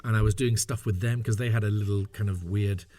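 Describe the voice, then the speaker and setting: A man's voice: fairly low pitch, fairly even intonation, fairly quick, dark tone, faint music behind. A middle-aged man telling stories in a casual interview, chatty and self-mocking, laughing often. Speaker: interview guest, voice actor. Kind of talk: casual anecdotal interview talk.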